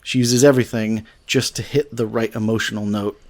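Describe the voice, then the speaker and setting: A man's voice: on the low side, fairly even intonation, brisk, darkish tone. A man hosting a podcast, chatting casually and enthusiastically about a folk album and thinking aloud as he goes. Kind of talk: casual music discussion.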